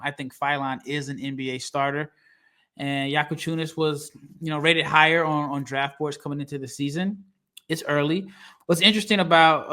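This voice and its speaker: A man's voice: fairly high pitch, bright, forceful tone. A man co-hosting a basketball draft podcast, talking casually and animatedly, laughing often and acting out quotes from others. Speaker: podcast co-host, draft analyst. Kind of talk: casual sports podcast talk.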